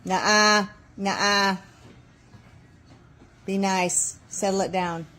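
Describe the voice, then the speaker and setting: A woman's voice: medium pitch, steady tone, takes it slowly, bright, forceful tone. A woman talking to her pet birds at home, playfully scolding and teasing them. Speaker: pet owner.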